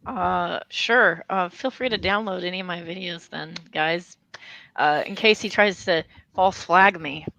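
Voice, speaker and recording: A woman's voice: on the low side, measured pace, creaky, bright, forceful tone, low-quality recording. A woman hosting a casual online chat, rambling with many fillers. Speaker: podcast host.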